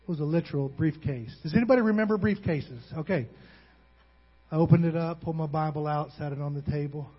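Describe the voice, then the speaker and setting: A man's voice: a little high, fast talker, slightly rough. A man preaching a sermon as pastor, calling out to the congregation and repeating words as he gets emotional. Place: church hall. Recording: dull recording in a reverberant hall.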